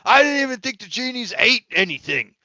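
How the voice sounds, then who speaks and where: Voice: mid-range voice, sing-song, fairly quick, sharp tone, dry recording, pitched above the performer's own voice. A game master voicing a shaken male head chef who pleads and breaks down crying. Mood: distraught.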